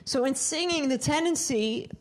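Speaking high and at a moderate pace, a woman leads her choir through a live lesson on vowel singing. She engages the group by posing questions and demonstrating brief sung examples.

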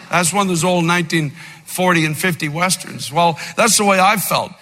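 An older man preaching an impassioned sermon, moving between loud fervent outbursts and low, quiet storytelling. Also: brisk. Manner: fervent preaching, by turns shouting and dropping low, with storytelling asides. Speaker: pastor. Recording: long reverb of a big hall, faint music.

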